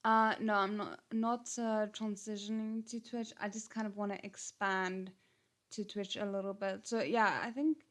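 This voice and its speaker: A woman from Africa, chatting casually on a livestream, hesitant with many ums, her voice a little gruff. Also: medium pitch, flat delivery, normal speed, fairly bright tone. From South Africa. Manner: hesitant, many ums and restarts, thanks viewers. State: slightly gruff voice. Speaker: channel host on a livestream. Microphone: headphones and desk mic.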